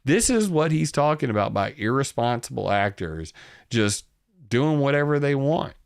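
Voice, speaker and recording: Gravelly Southern man ranting. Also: medium pitch, sing-song, normal speed, dry recording, studio quality. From Southern United States. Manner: rambling, sarcastic, swears freely. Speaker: channel host. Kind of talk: casual commentary on news.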